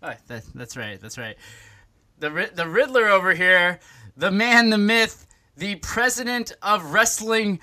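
Male podcast host, high pitch, bright tone, chatty and rambling, restarts a lot. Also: lively intonation, measured pace. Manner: rambling, self-interrupting, laughing. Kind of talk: casual comedy podcast chat.

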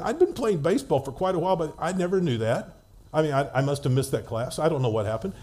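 A man preaching a sermon, telling stories conversationally with frequent restarts and slowing down to read scripture. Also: fairly high pitch, expressive, dark tone.

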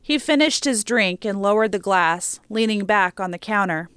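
A woman reading a story aloud as an audiobook narrator, steady and measured, on a close mic. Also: mid-range voice, clear, resonant tone, no room sound.

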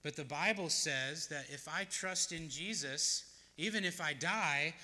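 A man's voice: fairly high pitch, measured pace, sharp tone, long reverb tail. A male pastor preaching a sermon, earnest and plain-spoken, often asking his listeners questions.

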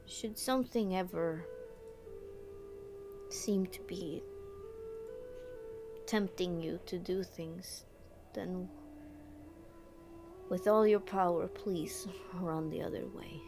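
Woman putting on a haunted, aloof ex-nun; halting broken English, low gravelly voice. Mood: solemn. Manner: broken English with a put-on accent; halting, hesitant, slow. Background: music.

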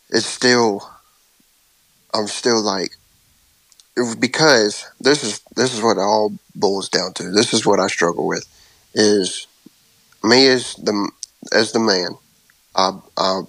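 A man in his thirties in a casual faith chat, speaking haltingly and openly about his worries, anxious. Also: on the low side, gravelly, fairly bright tone, no room sound, poor audio. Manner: halting, open about worry. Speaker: co-host.

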